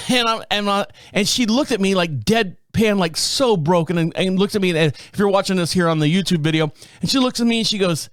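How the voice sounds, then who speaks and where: Casting note: male podcast host, somewhat high voice, animated storyteller who chuckles as he goes, dry close mic. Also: fairly quick, dry recording. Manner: animated, chuckling, acts out quotes. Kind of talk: casual storytelling.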